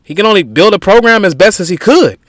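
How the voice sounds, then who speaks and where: A man's voice: sits high, expressive, quick pace, a bit bright, no echo. A man hosting a podcast, giving opinionated sports commentary in an emphatic, conversational way with frequent restarts. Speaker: podcast host.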